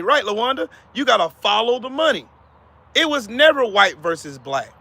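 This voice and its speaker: Fired-up high-voiced man with a gravelly edge. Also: pushed and bright. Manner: profane, fired-up, repetitive; talks to chat viewers by name. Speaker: live-stream host. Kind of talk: heated live-stream commentary.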